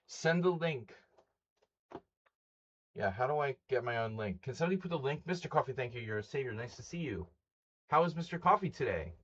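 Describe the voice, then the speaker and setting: A man's voice: mid-range voice, slightly rough, dull audio. A man hosting a chess stream in a chatty, wry way, listing rules and greeting viewers. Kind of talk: casual live-stream chat.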